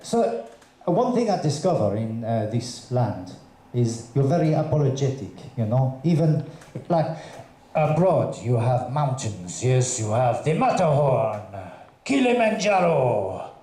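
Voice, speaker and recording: A man doing a stand-up comedy set on a theatre stage, telling jokes in a hesitant, halting way with many fillers. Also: mid-range voice, dark tone. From Russian parents, raised in Colombia. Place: theatre stage before a live audience. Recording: echoey theatre with audience ambience.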